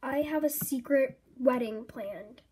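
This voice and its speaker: A woman's voice: high-pitched, takes it slowly, very noisy. A woman voicing a bashful, teasing male horse in a toy horse role-play video. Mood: hesitant.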